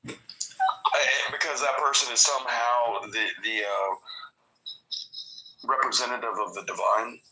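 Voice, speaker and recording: Man, podcast guest, casual chat, laid-back, profane, bright voice. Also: medium pitch, a little slow, pauses often, a little hiss or hum, poor audio.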